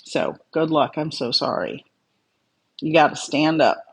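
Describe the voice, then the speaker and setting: A medium in a casual livestream chat, calmly reading out viewer comments and answering with advice. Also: medium pitch, a little slow, vocal fry, breathy edge. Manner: calm, conversational, reads out viewer comments and replies.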